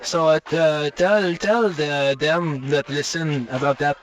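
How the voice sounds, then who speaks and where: A man's voice: on the high side, close to an everyday voice, poor audio. A man playing a bumbling French Canadian podcast host with a French Canadian accent, interviewing someone in a restaurant with many fillers and restarts. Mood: chatty. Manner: halting, full of filler sounds and restarts. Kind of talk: comic on-the-road interview.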